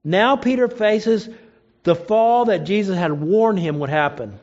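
A man's voice: measured pace, a little mellow, dull audio. A man preaching a sermon, retelling a story and acting out the quoted lines. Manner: storytelling, acts out quoted lines with rising pitch.

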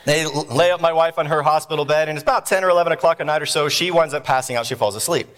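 A man in his thirties, preaching through a comic story from his life. His voice sits a little high and swings widely as he acts out each person, breaking into shouts and chuckles. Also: rapid-fire, big-room sound. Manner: animated storyteller acting out voices, with shouts and laughs. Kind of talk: humorous sermon storytelling.

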